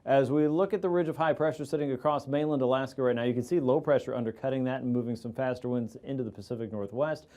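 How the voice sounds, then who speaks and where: A man presenting an aviation weather forecast as a meteorologist, in a steady explanatory delivery with occasional fillers. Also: mid-range voice, quick pace, hardly any pauses.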